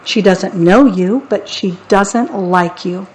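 A woman narrating a children's audiobook in a wry, deadpan way. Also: medium pitch, slow pace, poor audio.

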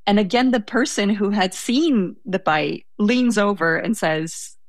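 A woman's voice: medium pitch, measured pace, hardly any pauses, no echo. A young woman telling a story in conversation, hesitant and self-correcting, laughing now and then.

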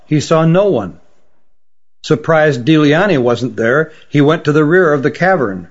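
A man narrating a fantasy story in a steady, even storytelling manner. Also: fairly high pitch, muffled recording. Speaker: audiobook narrator.

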